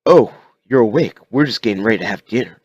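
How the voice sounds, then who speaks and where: Man reading as calm country dad, folksy, plain-spoken, lowish voice, dry sound. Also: fast talker, slightly rough, no room sound, dull audio. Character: calm rural father sheltering his son.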